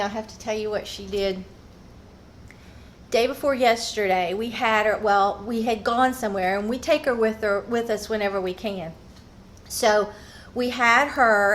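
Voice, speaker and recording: A chatty woman vlogger rambles warmly at home, recorded on her phone. Her voice sits on the higher side. A faint hiss lies behind it. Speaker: craft vlogger. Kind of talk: casual chatty narration.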